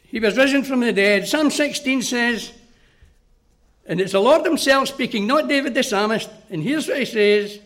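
Man, preacher, high voice, earnest, direct sermon. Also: moderate pace, a bit bright. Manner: earnest, direct, addresses children.

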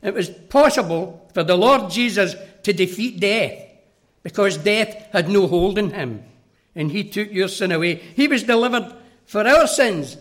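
A high-pitched man preaches a sermon. He is earnest and direct and speaks straight to the children listening. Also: animated, a little slow, a bit bright.

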